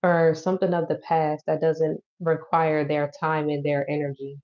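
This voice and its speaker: A woman's voice: low-pitched, little pitch movement, moderate pace. A woman giving a loose, chatty tarot reading who swears and laughs easily. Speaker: tarot reader. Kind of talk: casual tarot reading to camera. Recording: dull lo-fi audio.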